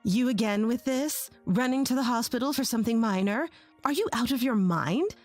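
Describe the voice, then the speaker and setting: A woman's voice: on the high side, lively intonation, moderate pace, a little mellow, faint music behind, close to an everyday voice. A woman voicing a harsh, scornful older mother-in-law who scolds and sneers.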